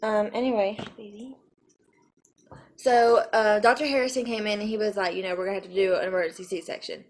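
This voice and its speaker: A woman's voice: mid-range voice, steady tone, a little fast. A young woman in her twenties from Arizona tells her own story to the camera in a rambling, emotional way, with many fillers and restarts. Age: 20s. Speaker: vlogger telling her birth story.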